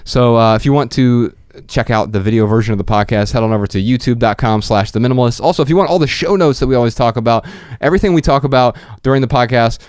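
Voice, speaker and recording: A man's voice: medium pitch, quick pace, a little mellow, smooth, no room sound. A man co-hosting a podcast in casual chat, joking and reading out tour dates and plugs on a studio microphone. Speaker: podcast co-host.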